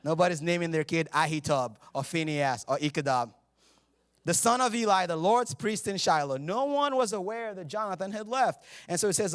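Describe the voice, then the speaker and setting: Joking high-voiced pastor preaching. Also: male voice, animated, fairly quick. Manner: joking, conversational, laughs at himself. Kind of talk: humorous sermon. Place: church sanctuary.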